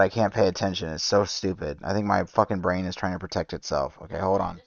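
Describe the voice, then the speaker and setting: A man's voice: low-pitched, fast, creaky, few pauses, no echo. A man streaming while playing a game, ranting in an exasperated, rambling way, with lots of restarts, as casual live reaction commentary, on a slightly dull lo-fi mic.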